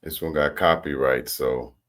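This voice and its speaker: Very deep-voiced male reaction host. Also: fairly even intonation, a little slow, fairly bright tone, a little hiss or hum. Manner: jokey, interjecting, addresses viewers. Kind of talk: casual reaction commentary.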